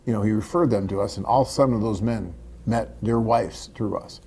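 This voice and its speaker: A man's voice: fairly low pitch, normal speed, warm tone, husky. A middle-aged man hosting a live webcast, chatting casually and reading viewer questions, rambling with fillers and restarts. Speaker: host of a live web cast for a dating agency.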